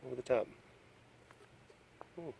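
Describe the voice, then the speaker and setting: A man's voice: measured pace, dark tone, slight background noise. A man vlogging as he walks around an animal compound, chatting, joking and cooing at the cats. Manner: chatty, jokey, coos at the animals. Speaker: big cat sanctuary vlogger. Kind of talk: casual vlog narration. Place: outdoor wildlife compound.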